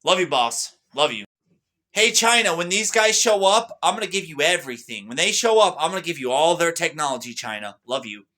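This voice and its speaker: A young man rambling boastfully in a monologue to camera, excitable and repeating himself. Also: fairly high pitch, fairly quick, hardly any pauses. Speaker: vlogger.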